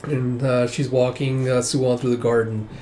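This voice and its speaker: A man's voice: medium pitch, flat delivery, normal speed, warm tone, slight background noise. A man casually talking through a comic volume, paraphrasing scenes and reading out the dialogue. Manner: paraphrases and reads quoted dialogue, "he's like". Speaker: comic book reviewer.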